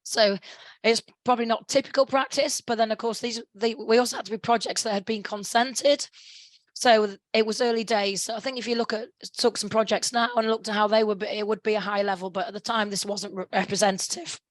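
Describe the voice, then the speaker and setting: Hoarse woman presenting a webinar. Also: a little high, steady tone, brisk, no echo, rough recording. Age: middle-aged. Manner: frequent restarts and throat clearing. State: hoarse, sore throat. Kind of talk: conference presentation.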